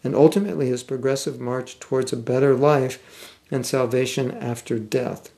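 An older man from the United States with a General American accent teaches a scripture class in a classroom as a spiritual teacher. He speaks thoughtfully in a mellow, mid-range voice, with some halting restarts, reading passages aloud.

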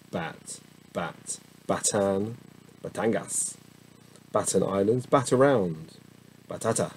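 Slow, gravelly middle-aged Englishman. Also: on the low side, darkish tone, slight background noise, low-quality recording. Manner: slow, musing, chatty asides. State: tired. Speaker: host reading the dictionary aloud. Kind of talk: casual dictionary reading.

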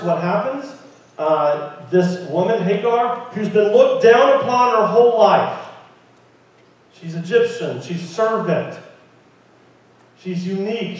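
A man preaching a sermon in a church, lively and conversational, often asking the congregation questions. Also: sits high. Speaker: pastor. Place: church sanctuary. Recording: very echoey room, mic at a distance.

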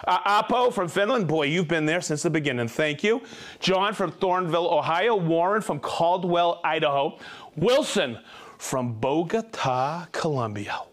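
A man with a slightly high, somewhat bright voice hosts a live tool stream, speaking a bit slowly but with lots of energy. He cheerfully reads out viewers' names and hometowns as shout-outs, cracking jokes and tripping over the tricky names.

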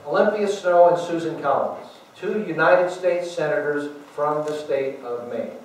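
A man with a high voice gives an emphatic political speech to a gathering and often turns to the audience with rhetorical asides. He sounds far from the mic, and the hall around him rings with heavy echo. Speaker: guest speaker. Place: large meeting room.

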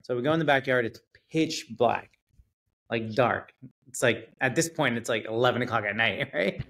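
A man guest on a podcast, telling a story in a casual, animated way, swearing and acting out what people said. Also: medium pitch, moderate pace, creaky. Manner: animated storyteller, acts out quotes, swears, laughs. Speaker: realtor guest.

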